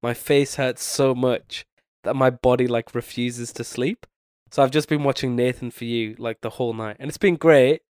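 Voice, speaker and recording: A young man with a blocked, nasally voice, worn down by a cold and a sleepless night. He rambles through a casual podcast chat and loses his thread at times. His voice is smooth and clear, recorded close and dry with no room sound. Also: medium pitch, fairly even intonation, moderate pace, a little mellow, no room sound. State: sick with a bad cold, sleepless. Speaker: podcast co-host.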